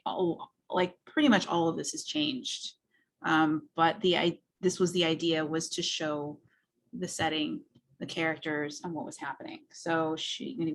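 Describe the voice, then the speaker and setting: A woman teaching a graphic novel class on a video call, rambling with many ums as she talks through her pages. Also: on the low side. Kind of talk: casual class walkthrough.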